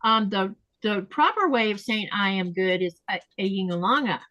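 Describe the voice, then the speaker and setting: A woman hosting a casual podcast chat, talking easily and slowing down to spell out how words are said. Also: medium pitch, expressive, sharp tone, dry recording, highs cut off. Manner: chatty, explains pronunciation slowly and repeats words. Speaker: podcast host.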